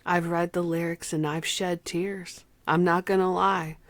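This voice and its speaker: A woman reviewing an album, speaking from the heart and close to tears, sometimes dropping to a soft whisper. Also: fairly low pitch, level tone, a little slow. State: emotional, near tears. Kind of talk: emotional personal vlog talk.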